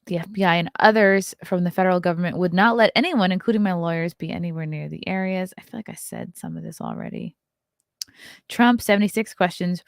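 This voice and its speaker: A woman's voice: fairly low pitch, gravelly, no room sound, studio quality. A woman hosting a casual live stream, reading news aloud and adding sarcastic asides to her chat. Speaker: show host.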